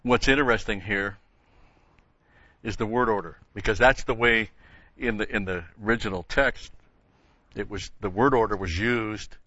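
A man's voice: on the low side, normal speed, pauses often, bright, forceful tone, no room sound. An older man teaching a Bible lesson in a sermon, stressing key words and repeating phrases for emphasis. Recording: dull lo-fi sound.

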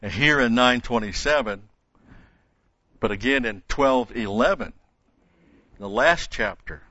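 A man's voice: fairly low pitch, bright, forceful tone, no echo. A man delivering an expository sermon as a Bible teacher, stressing points by repeating key words. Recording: dull, dry lo-fi recording.

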